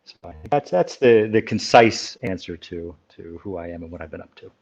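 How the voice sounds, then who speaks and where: Low-voiced male academic on a dull call. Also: animated, normal speed, creaky, a little mellow. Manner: explanatory, self-correcting. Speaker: guest academic. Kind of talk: interview answers.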